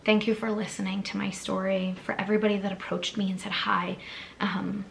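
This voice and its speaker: A woman's voice: medium pitch, level tone, fairly quick, gravelly, a little hiss or hum. A young adult woman vlogger, seated, telling an emotional personal story in a gushing way with many fillers. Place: sitting on a squeaky chair.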